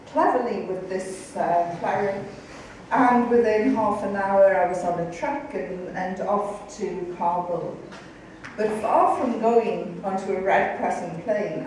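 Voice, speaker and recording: Middle-aged woman speaker, lively anecdote telling with acted-out quotes, far off in a reverberant lecture hall, faint room hiss. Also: medium pitch. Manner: lively, acts out quoted voices. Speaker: guest speaker. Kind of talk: storytelling public talk.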